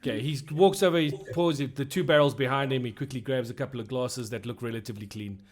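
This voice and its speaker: A man's voice: medium pitch, quick pace, a little hiss or hum. Guy running a tabletop game, chill narration, mid voice. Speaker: game master.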